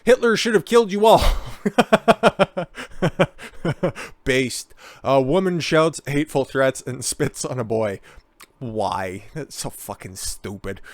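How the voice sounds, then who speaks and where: A man's voice: mid-range voice, dry recording. A man giving sarcastic commentary on news stories, mocking and crude with frequent swearing and snide asides. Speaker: commentary vlogger.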